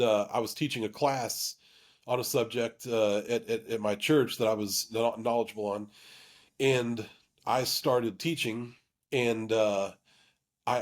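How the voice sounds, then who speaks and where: A man hosting his own channel, telling a personal story with candor. He often stops and restarts his sentences and leans on fillers. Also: medium pitch. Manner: halting, full of restarts and fillers; earnest and emotionally open. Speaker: YouTube channel host.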